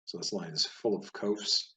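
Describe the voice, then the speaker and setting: A man teaching Biblical Hebrew reading, patiently explaining and slowly repeating each word. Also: deep voice, steady tone, bright, forceful tone. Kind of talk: casual spoken lesson over a page of words.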